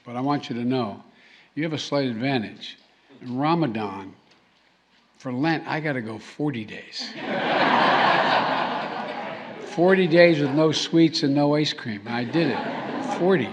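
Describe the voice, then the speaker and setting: A man speaking at a formal reception, halting and restarting, with joking asides to the audience. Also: medium pitch, expressive, noisy background. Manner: halting, with repeated words and trailing restarts; jokey asides to the crowd. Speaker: president giving a speech. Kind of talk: formal speech with off-the-cuff asides. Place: formal reception hall, indoors.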